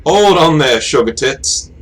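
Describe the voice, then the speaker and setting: A man's voice: medium pitch, normal speed, a bit bright, soft background music, close to an everyday voice. A man voicing a crude, cocky male bounty hunter in a tabletop game, in a raised, brash delivery.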